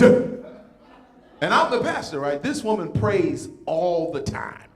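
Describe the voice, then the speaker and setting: A man's voice: on the high side, expressive, a little slow, creaky, roomy sound. A man doing stand-up comedy as a comedian and pastor, teasing the crowd and checking in with a repeated "right?".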